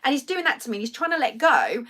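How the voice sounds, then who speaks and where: Bright-voiced woman telling a story. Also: high-pitched, quick pace, a little hiss or hum. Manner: animated storytelling, acts out quoted voices. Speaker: livestream host. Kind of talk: casual chat.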